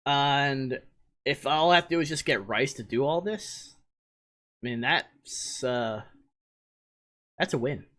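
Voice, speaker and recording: Bright-voiced man in casual podcast chat. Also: mid-range voice, slow, long pauses. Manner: relaxed, profane banter. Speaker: podcast co-host.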